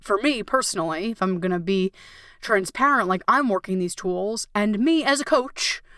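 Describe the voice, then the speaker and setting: A woman's voice: mid-range voice, animated, moderate pace, a bit bright, no echo, clean studio sound. A woman coach hosting a solo podcast, talking candidly and emotionally and swearing freely.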